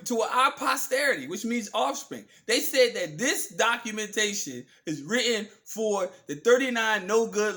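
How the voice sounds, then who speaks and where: A man hosting his own channel, delivering an emphatic, profane, preachy political monologue, slowing down hard to stress key words. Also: high voice, pushed and bright. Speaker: channel host. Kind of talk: ranting political commentary monologue.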